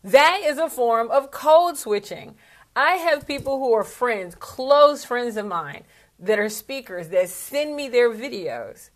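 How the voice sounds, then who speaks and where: A woman's voice: fairly high pitch, animated, slow pace. A woman speaking coach talking casually to camera in a vlog, chatty and candid, with plenty of asides.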